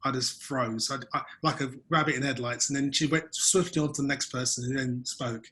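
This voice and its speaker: A man's voice: mid-range voice, fairly even intonation, brisk, pushed and bright, poor audio. A man hosts a casual webinar over a video call, chatting easily and poking fun at himself as he recalls freezing on camera. His voice sits in a medium register, and the tone stays conversational. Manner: chatty, self-deprecating storyteller. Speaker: webinar host.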